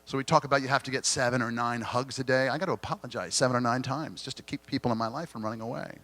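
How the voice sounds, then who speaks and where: A man's voice: mid-range voice, steady tone. Earnest man giving an inspirational keynote. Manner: earnest, gently confessional, dramatic pauses. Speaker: keynote speaker. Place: conference hall stage.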